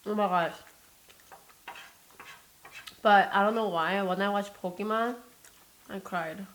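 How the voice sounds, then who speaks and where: A woman's voice: medium pitch, fairly even intonation, takes it slowly, a bit bright, low-quality recording. Young woman vlogger rambling over food, lots of um and like, gets emotional, bit of mic static. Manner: rambling, emotional, many fillers and restarts. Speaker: mukbang vlogger. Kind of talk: casual chat while eating.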